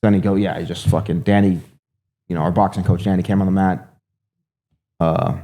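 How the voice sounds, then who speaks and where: Fast-talking man with a dark, low voice. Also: level tone. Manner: fast, rambling, heavy swearing, filler "you know". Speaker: guest, MMA fighter. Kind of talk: casual storytelling, profane.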